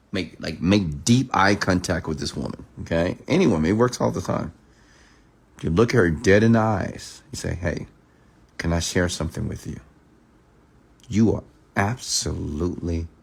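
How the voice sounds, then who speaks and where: A man giving a late-night motivational rant, emphatic and repetitive, sometimes dropping to a hushed whisper to act out lines. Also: low-pitched, creaky. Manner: emphatic, repeats "I'm telling you", drops to a hushed whisper when acting out lines. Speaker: entrepreneur and mentor.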